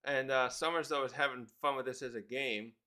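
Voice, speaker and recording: Bright-voiced man reviewing manga. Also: mid-range voice, steady tone, fairly quick. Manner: rambling, self-correcting, reads panels aloud. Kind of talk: casual chapter review.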